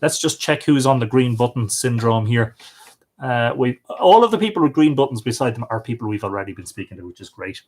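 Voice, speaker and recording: A middle-aged Irish man hosts a casual livestream from home in a medium-pitched, darkish voice that's expressive and fairly quick. He rambles chattily and coaxes his dog in a sing-song voice.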